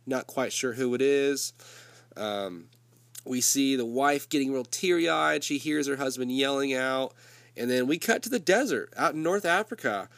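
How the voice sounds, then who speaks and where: A man's voice: mid-range voice, gravelly, fairly bright tone, no echo. Man with a summer cold, laid-back swearing recap host, dry close sound. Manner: loose, swearing, conversational storytelling. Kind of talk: casual profane movie recap.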